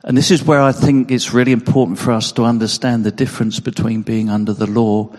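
A man's voice: medium pitch, level tone, fairly quick, a little mellow. Guy preaching a sermon, earnest and kinda emotional, repeats himself, long echoey church hall. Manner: earnest, repeats words when emphasising.

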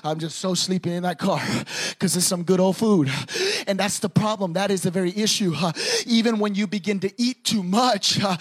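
A young man preaching a sermon, swinging from quiet storytelling to shouted preaching. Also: high-pitched, normal speed.

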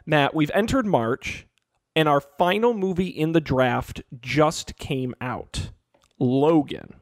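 A man co-hosting a casual podcast, animated and playfully sarcastic as he reads out standings. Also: a little high, takes it slowly, no room sound, clean studio sound. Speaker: podcast co-host.

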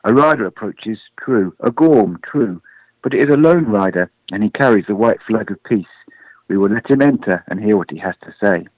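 A man's voice: lowish voice, expressive, normal speed, no room sound, muffled recording. A man doing a commanding rabbit chieftain.

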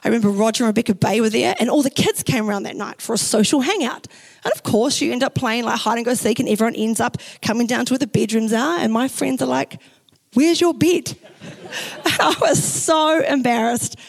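A woman's voice: fairly high pitch, fast talker, creaky, rough recording. Chatty young woman pastor, New Zealand accent. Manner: chatty, animated storytelling with acted-out quotes. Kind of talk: sermon with personal story. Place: church.

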